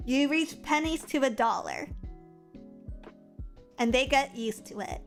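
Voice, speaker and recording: High-voiced playful young woman streamer. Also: measured pace. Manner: lively, playful, lots of silly vocal play. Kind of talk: casual chat. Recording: faint music behind.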